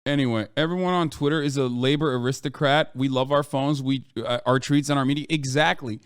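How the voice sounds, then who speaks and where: A man's voice: medium pitch, steady tone, a little fast, clear, resonant tone, no echo, clean studio sound. A man streaming a heated, profane and sarcastic rant reacting to the news. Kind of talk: ranting commentary.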